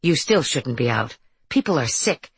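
A woman's voice: extremely low pitch, big pitch swings, moderate pace, husky, heavily acted. A woman reading an audiobook, voicing a stern, wary woman scolding children at her door. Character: stern wary woman, strict about parenting. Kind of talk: audiobook character voice.

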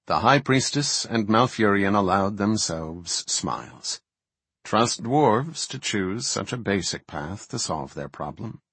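A man narrating a fantasy novel in a steady, even storytelling manner. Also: lowish voice, slow pace, breathy edge, dry recording. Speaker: audiobook narrator.

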